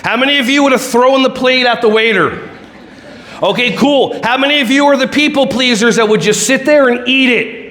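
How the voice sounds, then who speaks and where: A man giving a lively, joking keynote talk to a conference audience, drawing them in with questions and then guiding them through slow breathing. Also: very high-pitched. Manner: animated, jokey, audience-involving; slow soothing breath-work guidance. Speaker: keynote speaker.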